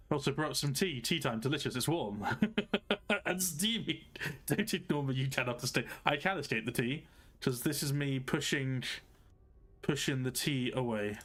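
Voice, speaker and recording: A man's voice: mid-range voice, a bit bright. A man hosting a live game stream, chatting casually in a rambling, jokey way that keeps correcting itself. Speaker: streamer host.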